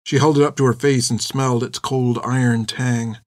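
Guy reading a storybook, steady and expressive, dry close mic. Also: mid-range voice, no echo. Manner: measured, expressive. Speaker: audiobook narrator. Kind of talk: scripted storybook narration.

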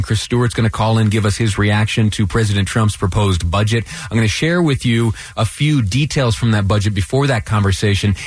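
A man hosting a radio talk show, speaking in a halting way with restarts and slight stammers. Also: fairly low pitch, slightly rough, no echo.

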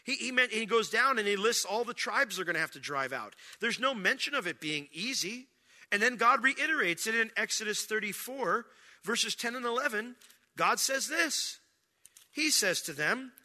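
A man preaching a sermon, reading scripture aloud and breaking into dramatic shouted lines. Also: high-pitched, animated, moderate pace. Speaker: pastor. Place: church sanctuary.

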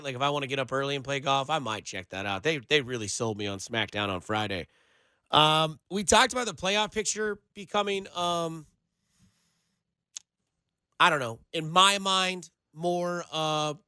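A man hosts sports talk radio with a bright, forceful voice that sits a little high for a man. He rambles loosely from point to point, leaning on filler words. The studio mic sound is close and dry. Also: clean tone, no room sound. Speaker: radio show producer and host. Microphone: studio microphone.

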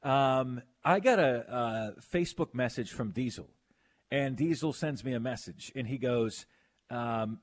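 A man hosting a sports radio show, chatting casually and reading listener texts aloud. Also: mid-range voice. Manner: animated, quick to protest, reads listener texts aloud.

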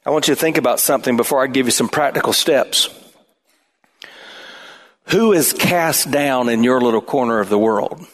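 A man preaching a sermon as pastor, emphatic and at times shouting. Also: medium pitch, normal speed, long pauses.

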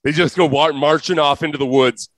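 A man's voice: a little high, fairly even intonation, a little fast, a bit bright, no room sound. A man hosting a podcast in casual chat, rambling through a story and laughing as he goes. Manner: rambling, searches for words, laughs through his stories. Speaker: podcast host.

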